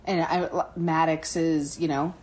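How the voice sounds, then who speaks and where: A woman's voice: sits low, fairly even intonation, slow pace, darkish tone. A woman in her thirties co-hosting a podcast, talking candidly in casual chat, swearing and laughing often. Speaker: podcast co-host.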